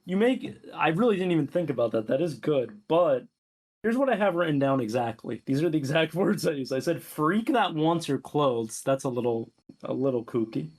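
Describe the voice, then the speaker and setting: A young man co-hosting a casual, jokey chat that ranks game characters, his voice jumping up high for playful bits. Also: brisk. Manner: animated, jokey, pitch jumps up for bits. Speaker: co-host ranking game characters. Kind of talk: casual banter.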